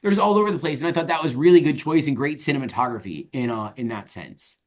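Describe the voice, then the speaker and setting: A man co-hosting a casual movie podcast, relaxed and hesitant, filling gaps with ums and letting his sentences trail off quietly. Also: mid-range voice, fast talker. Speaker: podcast co-host.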